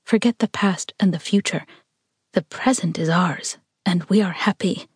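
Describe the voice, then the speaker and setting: A woman's voice: on the low side, moderate pace, husky, dry recording, clean studio sound. A woman reading a brooding, tormented lover. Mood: tender. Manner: murmured, earnest, sometimes whispered. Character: brooding young man, devoted, tormented lover.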